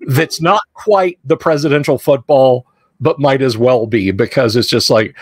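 A man hosting a casual podcast chat about movies, rambling and animated with quick asides. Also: mid-range voice, husky, no echo, clean studio sound. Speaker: podcast host.

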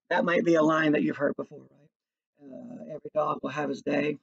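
A man's voice: moderate pace, creaky, slightly rough. Male teacher acting out lines in class, mic far off, kinda dull sound. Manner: lively, acts out lines with big pitch jumps. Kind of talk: classroom lecture with dramatic readings. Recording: distant, dull classroom recording.

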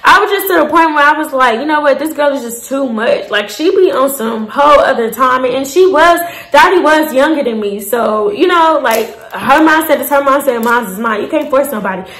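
A woman's voice: high voice, expressive, moderate pace, fairly bright tone. A woman in her twenties telling a story to her viewers in a casual, candid, slangy and profane way. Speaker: storyteller vlogger. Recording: roomy echo.

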